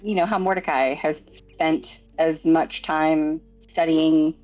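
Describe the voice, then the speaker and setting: A woman's voice: sits low, steady tone, slow, a little mellow, dull audio, faint music behind. A woman co-hosting a casual book discussion podcast who muses aloud, with frequent "like" and "you know.". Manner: speculative, many likes and you knows. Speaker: podcast co-host.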